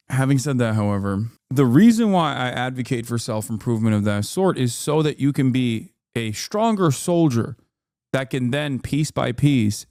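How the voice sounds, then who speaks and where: Male streamer, reaction commentary, emphatic, swears a lot, dry close sound, middle pitch. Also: a little mellow, no room sound. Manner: emphatic and profane, voice jumping up when riled.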